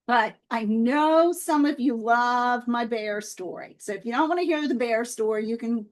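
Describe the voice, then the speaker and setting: Chatty high-voiced woman sharing faith stories. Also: normal speed, hardly any pauses, rough recording. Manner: chatty storyteller, lively and warm with viewers. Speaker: Christian author and video host. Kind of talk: casual faith talk to viewers.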